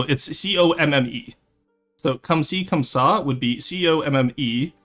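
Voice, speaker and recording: A young man from Ontario, Canada chats casually on a live stream, reading the chat aloud. His mid-range voice is fairly bright, and he laughs often while switching between English and French.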